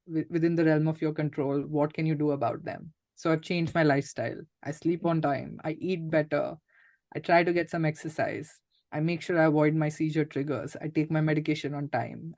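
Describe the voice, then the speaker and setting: An Indian man in his thirties, appearing as an interview guest, speaks candidly, reflectively, and matter-of-factly, with frequent "like" and "uh" fillers. His voice is fairly high in pitch and a little mellow, recorded at studio quality with no echo.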